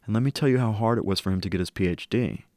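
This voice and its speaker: A middle-aged man telling a personal story in an earnest, reflective way, slowing down at key moments. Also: fairly low pitch, a little mellow, dry recording, clean studio sound. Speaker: interview guest.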